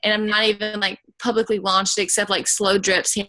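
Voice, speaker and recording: A woman chatting casually on a team video call, talking in quick, self-correcting bursts. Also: medium pitch, little pitch movement, pushed and bright, low-quality recording. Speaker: fitness business team member.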